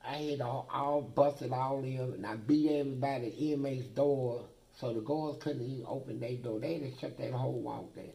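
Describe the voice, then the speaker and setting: A man's voice: medium pitch, fairly even intonation, moderate pace, vocal fry, hardly any pauses, dark tone. A man being interviewed who tells blunt, profane stories about prison life in a vivid, swearing manner. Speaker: interview guest.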